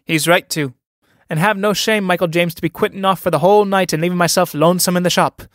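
Man doing a scornful young village girl, mocking, impatient, raised pitch, dry close sound. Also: fairly even intonation, fast talker, fairly bright tone, dry recording. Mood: sharp. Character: spirited young Irish country girl, scornful and teasing. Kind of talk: dramatic play reading.

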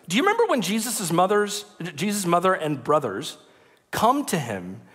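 Animated man preaching in a reverberant church. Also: high voice, moderate pace. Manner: lively, joking, conversational preaching. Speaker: pastor. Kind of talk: sermon. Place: church sanctuary. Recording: long reverb of a large church hall.

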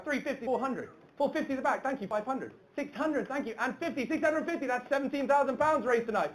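A woman calling a live charity auction, brisk and upbeat, teasing the bidders. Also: high voice, a little hiss or hum. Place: indoor event hall. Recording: echoey hall with chattering crowd.

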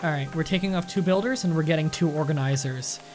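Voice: medium pitch, quick pace, a little mellow, faint music behind. A streamer chatting casually while playing a game, thanking viewers and swearing freely. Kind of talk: casual live-stream chat.

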